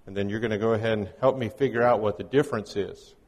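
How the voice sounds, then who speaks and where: A man's voice: on the low side, fairly even intonation, fast talker, darkish tone. Man preaching in a reverberant church. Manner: conversational, folksy teaching with scripture readings. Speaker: guest preacher. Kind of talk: sermon.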